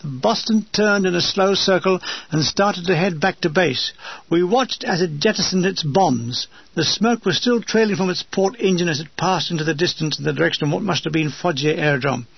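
Man, memoir narrator, wry, husky voice, dull lo-fi recording. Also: high-pitched, moderate pace, no echo. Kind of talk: reading a wartime memoir aloud.

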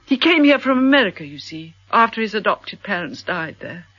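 An actress playing a wealthy middle-aged widow in a radio drama, effusive, melodramatic and sentimental. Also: female voice, mid-range voice, sing-song, a little fast, a bit bright, slightly rough, no echo. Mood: gushing. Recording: dull lo-fi radio broadcast.

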